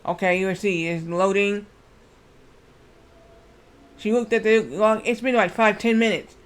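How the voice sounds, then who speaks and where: A man's voice: sits high, steady tone, a little slow, clean tone. A man livestreaming a video game while telling a long family story, repeating words and restarting his sentences as he goes. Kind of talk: rambling storytelling while gaming.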